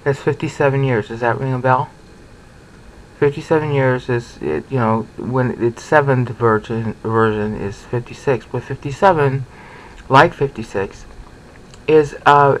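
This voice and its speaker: A man teaching a lecture on scripture, animated, often repeating words and checking in with rhetorical questions. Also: medium pitch, slight background noise, rough recording. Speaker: Bible teacher.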